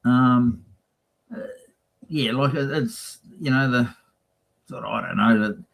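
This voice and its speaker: A man's voice: medium pitch, slow pace, gravelly, fairly bright tone, slight background noise, low-quality recording. A man, a racing team guest, chatting casually and acting out quotes in his stories. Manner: chatty storyteller, acts out quotes. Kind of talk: casual chat.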